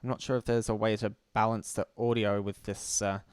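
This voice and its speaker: A man's voice: on the low side, level tone, smooth, no room sound, clean studio sound. A man hosting a casual livestream, talking bluntly and sardonically, swearing freely and often restarting his sentences. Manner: halting, with frequent restarts. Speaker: livestream host.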